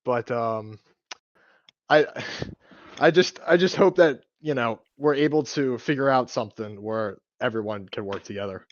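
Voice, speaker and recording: A man giving a short, halting answer as a candidate in an online debate. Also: mid-range voice, muffled recording. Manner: brief, halting, sighing. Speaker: mayoral candidate.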